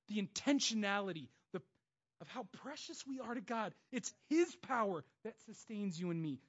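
High-voiced impassioned preacher man, dull sound. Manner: impassioned, swings between loud bursts and hushed stretches; acts out God's voice and inner voices in quotes. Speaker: pastor. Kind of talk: sermon.

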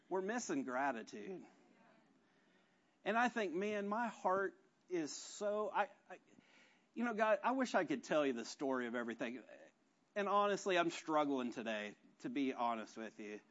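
A man's voice: high-pitched, sing-song, normal speed, a bit bright, lo-fi sound. A man preaching a conversational, self-deprecating sermon full of rhetorical questions. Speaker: pastor.

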